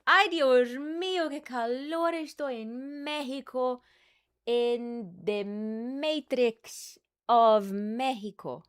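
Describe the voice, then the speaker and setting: A woman on a livestream putting on an overheated, theatrical voice that gushes about a color in high, exaggerated exclamations. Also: slow, smooth. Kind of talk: playful put-on bit on a livestream.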